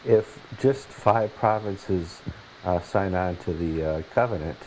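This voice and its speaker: Easygoing American host, low voice. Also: male voice, unhurried, background noise. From United States. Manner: easygoing, laughs readily, restarts. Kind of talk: casual news chat.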